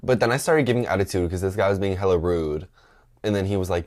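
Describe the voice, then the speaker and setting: A young man with a somewhat low voice tells a story in a loose, casual chat. He is sassy and dramatic, fills his talk with "like" and "girl", laughs often, and jumps into high squeaky voices whenever he quotes other people. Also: fast talker, darkish tone. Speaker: podcast host telling a story.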